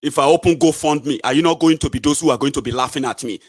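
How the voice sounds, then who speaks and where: A Nigerian man delivers an angry solo political rant, scolding and mocking his viewers. His voice sits a little high and he stays combative and sarcastic throughout. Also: fast, hardly any pauses. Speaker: political commentator.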